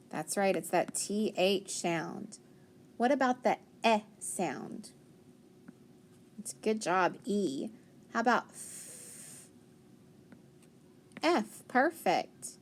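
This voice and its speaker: A woman teaching a phonics lesson to young children, patient and encouraging, sounding words out slowly. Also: medium pitch, a little hiss or hum.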